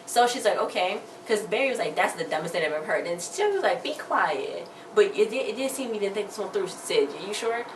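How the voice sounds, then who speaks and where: A woman's voice: medium pitch, big pitch swings, quick pace, few pauses, distant mic. Chatty young woman recapping, roomy echo. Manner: rambling retelling with acted-out quotes. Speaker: TV episode recap vlogger. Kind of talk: casual chat. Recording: roomy echo, faint background noise.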